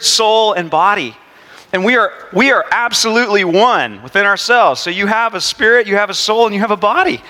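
Lively conversational male pastor, high bright voice, long reverb of a church hall. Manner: animated, conversational preaching. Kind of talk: sermon.

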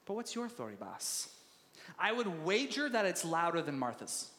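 Male pastor, sermon, chatty and animated, laughs easily, bright sharp voice, long hall echo. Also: sits high, normal speed.

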